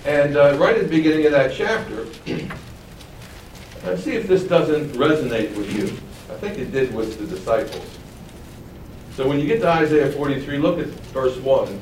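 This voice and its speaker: A man's voice: mid-range voice, expressive, normal speed, darkish tone, a little hiss or hum. A man preaching a Bible-teaching sermon in a conversational way, with chuckling asides as he reads scripture. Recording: roomy and distant, faint ambience.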